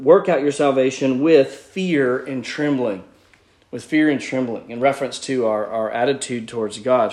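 A man preaching from the pulpit, working through a scripture passage point by point. He speaks at a middle pitch in an earnest, teacherly way, often restarting his phrases as he explains. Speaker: pastor. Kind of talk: sermon.

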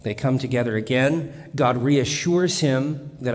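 A man's voice: mid-range voice, animated, measured pace, hardly any pauses. A man preaches in a loose, conversational way, with wry jokes and frequent restarts. His voice sits in a middle range for a man. It rings out with a long reverb in a large hall. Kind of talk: sermon.

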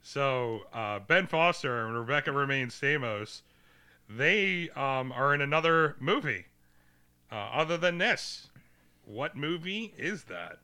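Bright-voiced man sharing movie trivia. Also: mid-range voice, big pitch swings, takes it slowly, clean tone, no echo. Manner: shares trivia, hesitant with many ums. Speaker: podcast co-host. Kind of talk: casual movie review chat.

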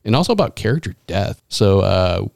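Gravelly-voiced giggly podcast host man. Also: deep voice, big pitch swings, brisk, dry recording, clean studio sound. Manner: giggly, chatty, rambling. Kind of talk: casual chat.

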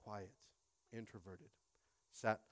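A pastor in his late thirties preaching a sermon, emphatic, swinging from quiet to loud and repeating phrases. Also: fairly low pitch, level tone, slow pace, no room sound.

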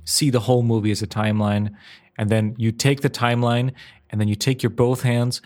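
A man's voice: mid-range voice, level tone, fairly quick, a little mellow. A man co-hosting a casual podcast, earnest and prone to repeating words while he explains things step by step. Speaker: podcast co-host. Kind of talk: casual chat.

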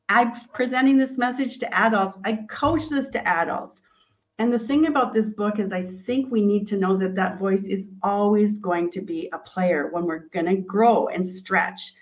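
A woman's voice: mid-range voice, normal speed, rough recording. A woman, an author and coach, animatedly retelling her storybook in an interview and acting out its quotes.

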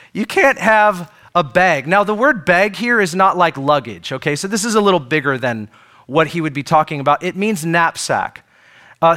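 Man, pastor, sermon, chatty and joking, high voice, bright tone. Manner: conversational, joking, asks the congregation questions. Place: church service.

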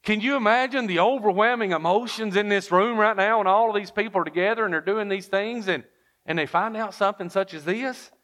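A man's voice: high voice, a little fast, fairly bright tone. A man preaching a sermon, telling the story with lots of rhetorical questions and reading King James verses aloud.

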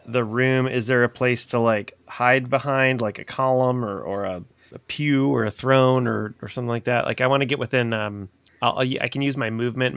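A man's voice: medium pitch, a bit bright, clean tone, no echo. A man playing a tabletop game in a casual way, asking questions and restarting his sentences. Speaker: player.

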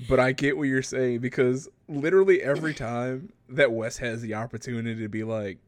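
A woman podcast co-host in casual chat, laughing often and chiming in with quick reactions. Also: very deep voice, steady tone, a little mellow, dry recording.

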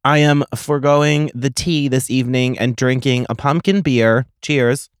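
A young man hosting a solo comedy podcast, telling stories in a profane, sarcastic, animated way. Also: medium pitch, unhurried, smooth, dry recording, studio quality. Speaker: podcast host.

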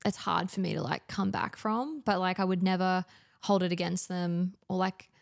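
A woman's voice: fairly low pitch, fairly even intonation, moderate pace, vocal fry. A woman in her thirties with an Australian accent, telling stories as a podcast guest in casual chat, full of fillers. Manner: chatty storytelling, many fillers.

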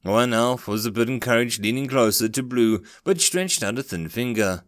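A man narrating a fantasy story aloud, expressive in his storytelling. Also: medium pitch, normal speed, no room sound, studio quality.

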